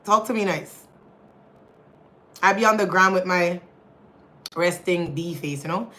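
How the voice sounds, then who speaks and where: Bright-voiced chatty woman on a livestream. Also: lowish voice, unhurried, poor audio. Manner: chatty, laughs often, calls audience y'all. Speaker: livestream host. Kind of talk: casual live chat reading viewer comments.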